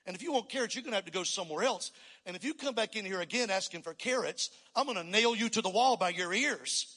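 A man's voice: high-pitched, brisk, pushed and bright. A man voicing a paint store owner in a told joke, patient at first and then firm, with long hall reverb. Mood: exasperated. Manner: explains plainly, grows firm and threatening.

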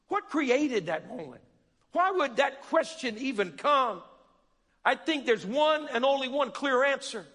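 A man preaching a sermon, calling out to the congregation and rising to shouts. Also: very high-pitched, animated, normal speed, long reverb tail.

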